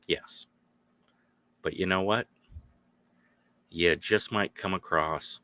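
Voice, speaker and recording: Deep-voiced guy rambling slow on his podcast, dry close sound. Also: bright, forceful tone, dry recording. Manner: meandering, acts out little dialogues. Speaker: podcast host. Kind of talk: rambling solo podcast monologue.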